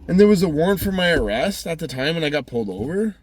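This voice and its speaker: A man's voice: a little high, sing-song, quick pace, slight background noise. A man rambling through a heated, profanity-filled personal story as a vlogger. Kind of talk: casual storytelling monologue.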